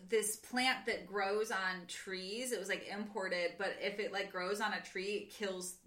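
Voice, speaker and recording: Bright chatty woman in a roomy echo. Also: medium pitch, fairly even intonation, a little slow. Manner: chatty, lots of "like" and "you know" fillers. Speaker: podcast co-host. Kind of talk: casual book discussion.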